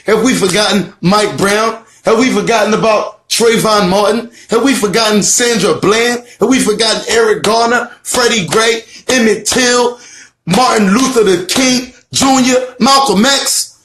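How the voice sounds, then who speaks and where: A man's voice: high voice, measured pace, noisy background. A man giving a fiery, profane online lecture, preachy and emphatic, repeating lines and firing off rhetorical questions. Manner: swears a lot, calls out rhetorical questions. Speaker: self-styled teacher presenting his theory.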